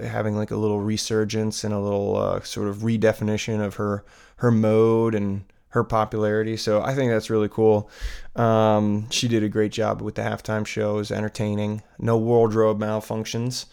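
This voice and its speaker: A man talks his way through a solo podcast episode, drifting from thought to thought with plenty of ums and restarts. His voice sits low and has a gravelly, fried edge. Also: completely flat delivery, normal speed, a little mellow. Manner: rambling, self-interrupting, with many fillers. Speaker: podcast host.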